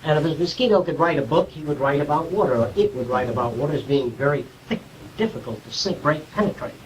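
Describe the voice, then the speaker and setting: A man's voice: a little high, lively intonation, fast talker, far from the mic, slight background noise, low-quality recording. A man giving an informal, conversational lecture to a small group, explaining ideas and checking whether his listeners follow.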